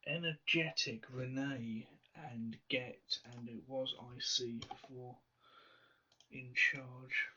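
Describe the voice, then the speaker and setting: A man solving a crossword aloud, musing slowly with half-whispered asides. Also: mid-range voice, fairly even intonation, sharp tone, slightly rough, recorded from a distance. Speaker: crossword solver. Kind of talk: thinking aloud while solving. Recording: slightly dull lo-fi sound.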